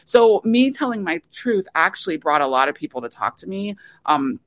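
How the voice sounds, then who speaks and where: A woman's voice: fairly low pitch, sing-song, moderate pace. A woman, a documentary director, talking in an interview and telling a story with many fillers and restarts. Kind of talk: conversational interview.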